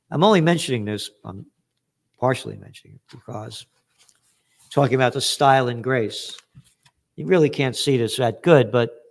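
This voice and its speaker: A man, a guest author talking in a blunt, emphatic, streetwise way. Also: medium pitch. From United States. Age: 70s. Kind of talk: animated interview talk.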